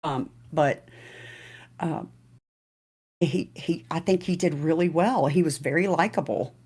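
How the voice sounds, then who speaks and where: A woman on a political talk show panel who speaks hesitantly, with many pauses and repeated words. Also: sits low, darkish tone, slightly rough. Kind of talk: casual political discussion.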